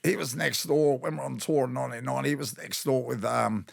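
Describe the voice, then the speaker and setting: A man's voice: mid-range voice, steady tone, fairly quick, gravelly, no room sound, studio quality. An Australian former rugby league player in his fifties, telling rambling, blokey stories with slang on a podcast. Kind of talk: casual storytelling chat.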